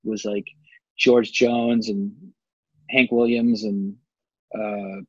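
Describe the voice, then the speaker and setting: A man's voice: lowish voice, level tone, very slow, husky, dry recording. A musician from Canada talking in a casual radio interview, rambling and filling his sentences with "like". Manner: rambling, heavy use of "like" fillers. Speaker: musician guest. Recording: dull lo-fi sound.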